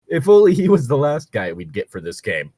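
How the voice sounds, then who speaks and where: A man's voice: medium pitch, huge pitch swings, a little fast, dark tone, slightly rough, dry recording. A man reading a first-person story post aloud on a casual podcast, playful and prone to laughing fits. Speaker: co-host reading stories.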